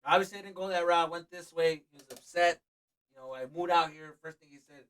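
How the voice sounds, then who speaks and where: Young comedian guy swearing a lot telling family stories, highish bright voice, kinda off mic. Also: quick pace, smooth, distant mic, poor audio. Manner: profane, animated storyteller. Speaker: stand-up comedian guest. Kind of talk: casual podcast chat.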